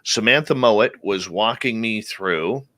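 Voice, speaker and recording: Forceful, dry-voiced male radio host. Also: fairly low pitch, a little slow, no echo. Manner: animated storyteller who acts out quoted speech. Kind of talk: casual interview talk.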